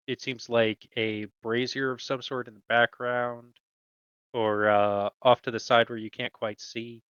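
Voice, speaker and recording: A man narrating a tabletop game as game master, slow and halting with many fillers. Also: mid-range voice, a bit bright, clear, resonant tone, no echo, lo-fi sound.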